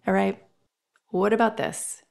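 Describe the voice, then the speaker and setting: With a mid-range, creaky voice and a slightly slow pace, a middle-aged woman hosts her own personal podcast. She's candid, emotional, and freely profane, bringing scenes to life with whispers and character voices.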